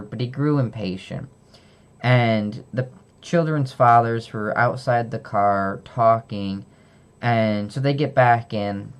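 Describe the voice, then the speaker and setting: In an improvised book summary, a young man who reviews books casually recounts the plot, stumbling through fillers and self-corrections. He speaks low, with vocal fry.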